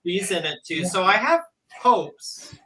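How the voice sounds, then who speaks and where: A man hosting a podcast in casual chat, animated and often trailing off mid-thought. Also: sits high, measured pace, a crowd in the background, poor audio. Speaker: podcast host.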